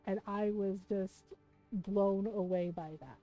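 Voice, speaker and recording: A woman's voice: mid-range voice, fairly even intonation, takes it slowly, dull audio, soft background music. A woman streamer chatting casually, telling a personal story to her viewers and often checking in with "right?". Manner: chatty, keeps asking "right?". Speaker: live streamer.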